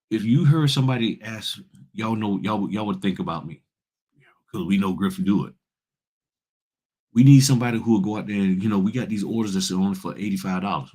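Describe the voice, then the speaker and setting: A man from Virginia hosting a casual livestream as a notary business coach, talking in an animated, slangy, preachy way and speaking straight to his chat. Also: on the low side, slightly rough. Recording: livestream from home studio.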